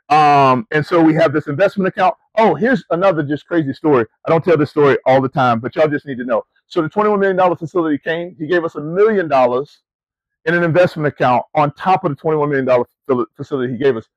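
A middle-aged man delivers a lively sermon, telling stories with rising, emphatic questions and casual asides to the crowd. His voice sits fairly high for a man. The sound is dry and close. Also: dry recording, poor audio. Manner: conversational, addresses listeners as family and y'all. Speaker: preacher and camp ministry CEO. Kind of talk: sermon to student athletes.

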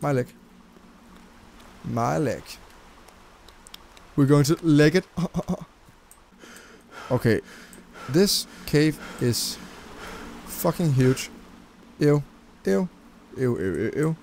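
A man's voice: medium pitch, slow, vocal fry, long pauses, darkish tone, a little hiss or hum. A man giving crude, jumpy commentary while playing a game, with constant squeamish reactions and swearing. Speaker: let's play gamer. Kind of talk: gameplay commentary.

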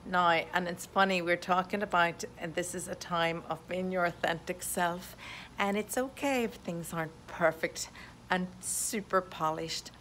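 Upbeat woman realtor, lowish voice. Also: measured pace, a bit bright, slight background noise. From Europe. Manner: enthusiastic and positive, with many "uh" fillers. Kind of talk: upbeat video update to followers. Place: indoors at home. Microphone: USB desktop condenser microphone.

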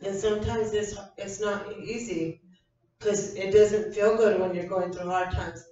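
A woman's voice: mid-range voice, steady tone, unhurried, dark tone, a little hiss or hum. An older woman pastor preaching an evening sermon, fervent and repetitive, often restarting her phrases. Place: church sanctuary. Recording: echoey hall from a distant mic, dull sound.

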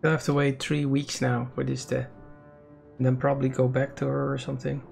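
A man's voice: mid-range voice, completely flat delivery, brisk, gravelly, darkish tone, faint music behind. A man giving casual commentary while playing a game, muttering to himself with wry remarks and the odd swear. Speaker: let's play host.

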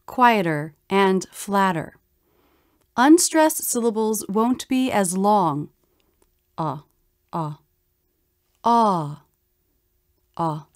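Female pronunciation teacher, unhurried and precise, dry close sound. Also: on the high side, animated, a little mellow, no echo. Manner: slow, careful, demonstrates vowel sounds. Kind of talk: scripted instructional narration.

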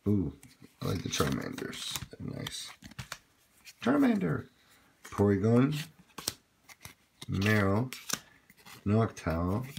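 Low voiced guy talking slow, opening card packs, excited and upbeat, rustly noisy recording. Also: vocal fry. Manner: excitable, upbeat, apologetic asides. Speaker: pack-opening video host. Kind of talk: casual card-opening commentary. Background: crinkling packs and shuffling cards.

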